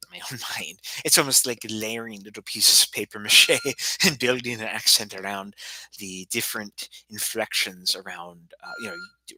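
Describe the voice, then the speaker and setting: A man's voice: fairly low pitch, sharp tone, a little hiss or hum, low-quality recording. A man talking to a livestream audience in an agitated, rambling way, repeating himself and sometimes dropping almost to a whisper. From United States. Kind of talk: rambling livestream monologue and phone call.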